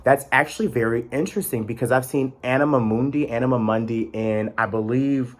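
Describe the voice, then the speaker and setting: A man's voice: mid-range voice, brisk. A young man with a chatty, rambling manner and playful sassy asides, talking casually as a vlog host. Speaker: tarot deck reviewer.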